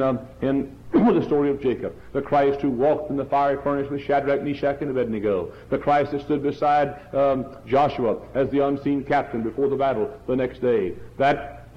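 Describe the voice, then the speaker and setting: A middle-aged man preaching a revival sermon, hammering one question over and over and climbing to loud peaks. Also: mid-range voice. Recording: dull lo-fi church recording.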